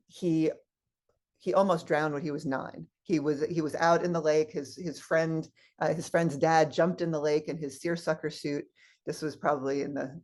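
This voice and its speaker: A woman guest minister giving a sermon, telling personal stories and acting out the voices of people in them. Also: low voice. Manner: animated storyteller acting out quoted voices. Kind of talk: sermon with storytelling.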